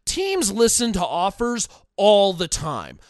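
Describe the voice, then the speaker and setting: Man, podcast host, blunt and digressive, crisp voice, dead-dry sound. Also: high voice, huge pitch swings, slow pace, dry recording. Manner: opinionated, digressive, repeats himself. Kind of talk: sports podcast commentary reading fan comments.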